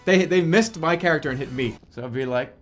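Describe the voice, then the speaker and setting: A man streaming a game, excitable and profane, often laughing and yelping into a desk microphone. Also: a little high, a little fast, soft background music. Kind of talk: gaming livestream commentary.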